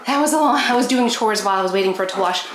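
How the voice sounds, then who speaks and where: Rapid-fire and mid-range in pitch, this woman, a pet vlogger, chats with her viewers as she does chores in her bedroom, slightly winded from the work. She turns to her dogs occasionally with a bright, coaxing tone, and the recording has an echoey room and faint noise.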